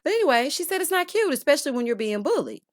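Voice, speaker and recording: Sassy woman for a chatty TV recap, lively and expressive, dry close mic. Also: high voice, very fast, no echo. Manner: sassy, calls viewers honey and child, bursts of laughter. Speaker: reality TV recap host.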